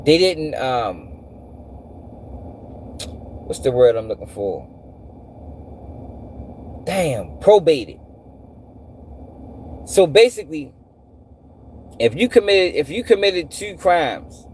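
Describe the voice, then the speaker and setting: A man hosting a live stream, animated and profane, repeating himself and firing off rhetorical questions. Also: on the high side, slight background noise. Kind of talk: casual commentary to a live audience.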